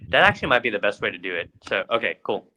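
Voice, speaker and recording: A man co-hosts a casual podcast and recounts a story, padding it with fillers and restarting his sentences. His voice sits fairly low, with a bright, forceful tone. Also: very animated, very fast, poor audio. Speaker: podcast co-host.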